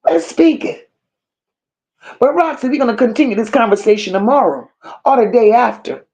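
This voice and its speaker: A woman hosting a commentary stream, talking in a slow, emphatic and scornful way and stopping to read viewer comments aloud. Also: on the high side, a little mellow. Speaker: commentary channel host. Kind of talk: unscripted livestream rant.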